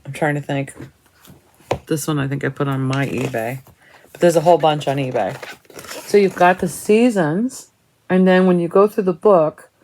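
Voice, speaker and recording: Low-voiced lady flipping thru stitch books, chatty, bit of faint hiss behind. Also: darkish tone, rough recording. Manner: chatty, admiring, thinking aloud. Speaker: cross stitch vlogger. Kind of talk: casual show-and-tell of craft books.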